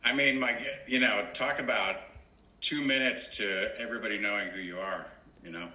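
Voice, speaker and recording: A man's voice: fairly low pitch, steady tone, normal speed, pushed and bright. A man coaching an actor on a video call, explaining in an easygoing way with lots of fillers. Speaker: acting coach. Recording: roomy video call with faint ambience.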